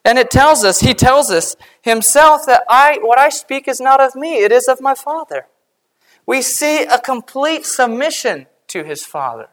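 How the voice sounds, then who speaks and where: Earnest woman preaching with lively pitch. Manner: earnest, measured, slowing and dropping quiet for emphasis. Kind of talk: sermon.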